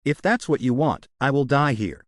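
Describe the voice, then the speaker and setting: A man voicing a menacing male dark mage in a recap of a comic, read in a steady, matter-of-fact way. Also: mid-range voice, normal speed, no echo, studio quality, lightly acted. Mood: defiant.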